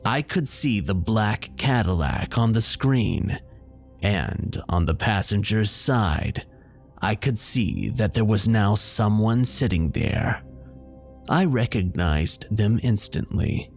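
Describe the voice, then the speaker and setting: A man telling a first-person horror story in a steady, measured way. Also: lowish voice. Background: faint background music.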